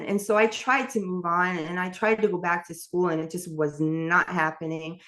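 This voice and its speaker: A woman's voice: lowish voice, steady tone, normal speed, hardly any pauses, a bit bright. A middle-aged woman from New York, candidly telling her life story as an interview guest in a rambling way with frequent laughs. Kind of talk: personal testimony in an interview.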